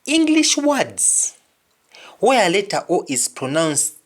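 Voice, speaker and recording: Male tutor, slow and deliberate, lively pitch, drilling words in pairs. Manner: deliberate, repeating each word in pairs. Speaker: language teacher. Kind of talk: pronunciation lesson.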